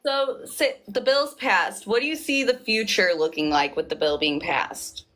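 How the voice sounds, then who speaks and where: A woman's voice: mid-range voice, measured pace, a bit bright. A woman hosting a casual chat, playful and teasing. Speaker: host.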